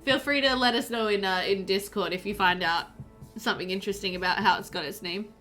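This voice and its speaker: Bright, chatty woman streaming a game. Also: mid-range voice, fast talker, faint music behind. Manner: chatty, rambling, laughs often. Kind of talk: live gameplay commentary and chat reading.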